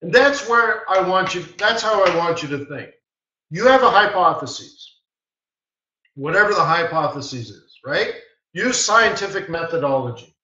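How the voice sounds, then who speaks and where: Man, higher-pitched and forceful, blunt webinar teacher; roomy, distant, dull mic. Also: animated, moderate pace. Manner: emphatic, blunt, repeats short commands. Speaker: forex market strategist hosting a live webinar. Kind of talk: live trading webinar, unscripted teaching.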